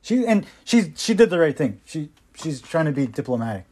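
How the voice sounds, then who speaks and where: A man's voice: fairly high pitch, very animated, normal speed, darkish tone. A man hosting his own podcast, giving impassioned, sarcastic solo commentary with mocking asides. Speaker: podcast host.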